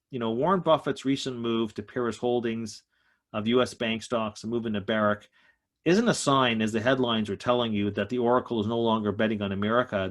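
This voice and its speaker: A man giving an emphatic economic talk to a group over a video call, slightly out of breath. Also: mid-range voice. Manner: emphatic, stresses key points. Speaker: economist guest speaker.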